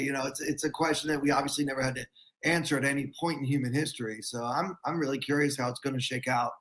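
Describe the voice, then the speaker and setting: A man who is a comedian guest on a podcast, explaining his views in a thoughtful, measured way. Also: medium pitch, little pitch movement, a bit bright. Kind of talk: casual podcast chat.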